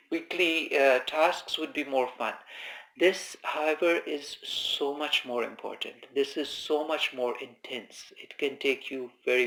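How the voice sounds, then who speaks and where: A man giving informal spoken meditation instruction, calm and conversational, who repeats his key phrases. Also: medium pitch, creaky. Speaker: meditation teacher. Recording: echoey room.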